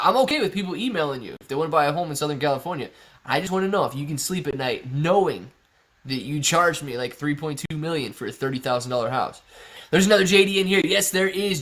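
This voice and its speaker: A man's voice: on the high side, a bit bright. A man hosting a casual livestream Q&A, reading viewers' comments aloud and answering in a chatty, laid-back way. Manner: chatty, laid-back, often laughing, says "man" and "bro". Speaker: stock livestream host reading chat.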